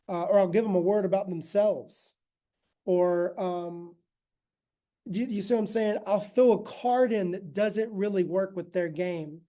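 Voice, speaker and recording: A man's voice: sits high, mellow. A man giving a casual, conversational ministry talk, often checking in with his listeners. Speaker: ministry teacher.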